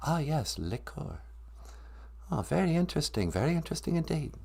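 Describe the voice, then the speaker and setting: A man putting on a dead male English rock star's ghost with an English accent, speaking in a soft, formal, courtly way. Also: fairly high pitch, sing-song, fairly quick, creaky, slightly rough, voice pushed up, full character voice.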